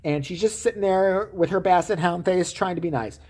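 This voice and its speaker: A woman's voice: lowish voice, a little fast, warm tone. A woman vlogger giving profane, sarcastic commentary with frequent swearing. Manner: sarcastic, swearing, laughing asides.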